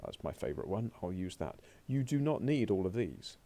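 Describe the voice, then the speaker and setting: A French teacher records a remote lesson at a laptop, from a home or classroom desk, chatting to himself as he clicks through slides and comments on the screen. His voice is low, gravelly, dark and mellow, with big pitch swings and a brisk pace.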